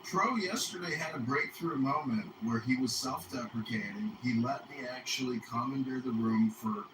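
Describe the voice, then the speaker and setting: A man's voice: medium pitch, normal speed, roomy sound, recorded from a distance, background noise. A man in an online voice chat, rambling through profane opinions.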